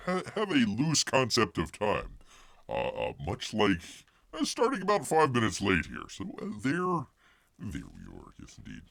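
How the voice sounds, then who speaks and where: A man's voice: medium pitch, vocal fry, a bit bright, no echo. A middle-aged man hosting a casual live stream, rambling and joking, calling himself Bear in the third person. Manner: rambling, jokey, many fillers and restarts.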